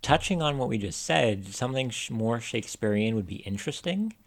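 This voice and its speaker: A man's voice: mid-range voice, animated, fairly quick. A man co-hosting a podcast, chatting casually in a wry, opinionated way. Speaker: podcast co-host. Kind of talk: casual discussion.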